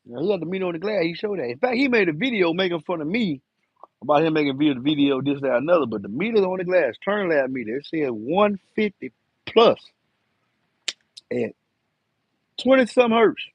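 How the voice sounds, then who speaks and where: Husky-voiced man chatting live. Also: fairly high pitch, lively intonation, brisk, dry recording, highs cut off. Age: 50s. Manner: rambling, loose and talkative, full of slang. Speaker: live-stream host, enclosure builder. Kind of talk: casual live-stream chat.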